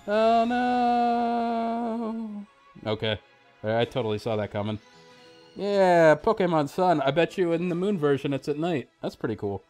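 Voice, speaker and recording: A man hosting a let's play, giving casual gameplay commentary, excitable and joking as he talks back to the screen. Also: mid-range voice.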